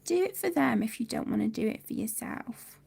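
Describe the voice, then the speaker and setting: Woman host, thirties, high gravelly voice, chatty livestream talk reading out comments. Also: expressive, brisk, darkish tone. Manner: chatty, reads viewer comments aloud. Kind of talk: casual livestream chat.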